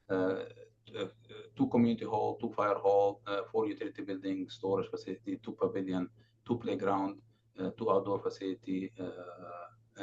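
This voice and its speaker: A man giving a consultant's presentation at a council meeting, halting with many fillers and restarts. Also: on the low side, darkish tone. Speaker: building condition consultant presenting. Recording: dull lo-fi remote audio, faint noise.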